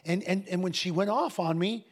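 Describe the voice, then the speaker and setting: A man telling a story in a casual, animated way, laughing often and restarting his phrases. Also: high-pitched, normal speed. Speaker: guest minister telling a story.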